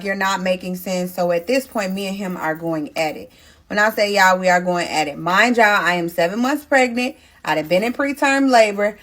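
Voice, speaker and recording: A young woman narrating a personal storytime, emphatic and talking directly to her listeners. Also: medium pitch.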